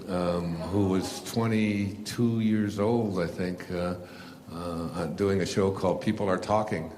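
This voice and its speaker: An older man tells a rambling personal story to a live audience in a casual way, full of fillers and restarts, laughing at himself. His voice is on the low side and darkish, with slight background noise.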